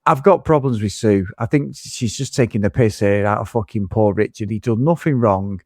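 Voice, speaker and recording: A man's voice: on the low side, moderate pace, a little mellow, no echo, studio quality. A man in casual film review chat, ranting with lots of swearing as a podcast co-host.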